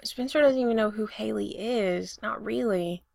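A woman reading a romance story aloud, steady in her narration and voicing the dialogue. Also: on the high side, moderate pace, gravelly, no room sound, clean studio sound. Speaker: reader. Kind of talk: reading fan fiction aloud.

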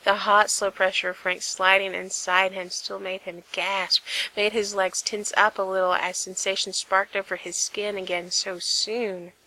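Woman narrator, bright tone, slow intimate read-aloud of a romance story. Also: medium pitch, flat delivery, low-quality recording. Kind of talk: reading fan fiction aloud.

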